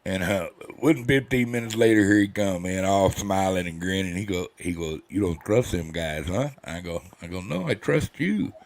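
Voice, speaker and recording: This older host's low voice moves at a moderate pace with few pauses as he chats casually. He rambles through folksy tales with a cantankerous drawl, voicing the characters he quotes.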